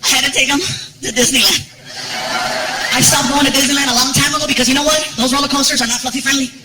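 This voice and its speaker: A man doing stand-up comedy, telling animated jokey stories and acting out voices on a live stage. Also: extremely high pitch, fast. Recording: echoey live venue.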